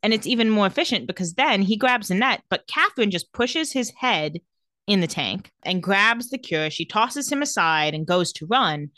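A woman's voice: medium pitch, expressive, moderate pace, sharp tone, no echo, studio quality. A young woman co-hosting a podcast, casually recapping scenes and acting out the characters' lines, laughing often. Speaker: podcast co-host recapping a TV series. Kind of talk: casual chat.

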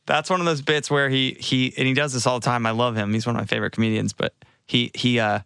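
A man's voice: medium pitch, steady tone, fast, vocal fry, fairly bright tone, clean tone, no room sound, studio quality. A man co-hosting a casual podcast chat, telling stories animatedly and putting on silly voices. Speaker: podcast co-host.

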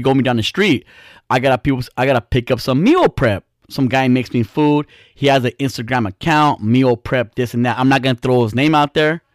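A man telling a casual, profane story with an animated, exaggerated sense of disgust. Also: medium pitch, dry recording, studio quality.

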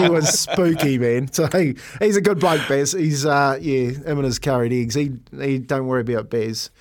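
Jokey New radio host. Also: male voice, fairly high pitch, normal speed, hardly any pauses. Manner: jokey, laughing storyteller. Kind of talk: casual radio chat.

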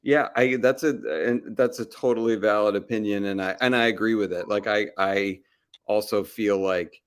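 A man's voice: lowish voice, fairly even intonation, normal speed, smooth. A man, a comedy TV writer guesting on a podcast, speaking thoughtfully with many hedges. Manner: thoughtful, hedging, acts out quoted voices. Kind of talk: casual podcast conversation. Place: live show at a restaurant.

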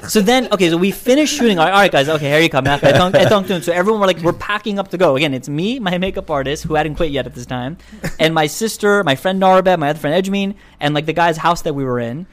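A young man with a slightly high voice tells a story in casual chat. He is animated and laughs often, and he acts out the people in his story. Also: fast. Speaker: guest filmmaker.

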